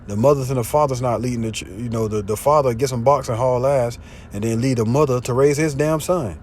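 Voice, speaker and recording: A man preaching informally, slangy and profane, often asking if you see what he's saying, and reading scripture louder. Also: brisk, a little hiss or hum. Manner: louder and higher when reading scripture aloud. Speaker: street preacher. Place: in a car. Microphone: phone.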